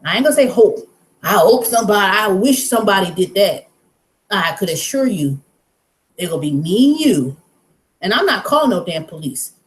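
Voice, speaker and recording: A woman hosting her own vlog, ranting bluntly and profanely in casual talk. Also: mid-range voice. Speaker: vlog host. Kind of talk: casual rant to camera. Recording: roomy echo.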